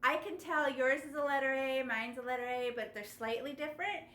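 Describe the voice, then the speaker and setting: A woman teaching children a step-by-step painting lesson over a video call, animated and coaxing. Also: sits high, brisk, reverberant. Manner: animated, gasping with delight, coaxing young kids. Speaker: art teacher.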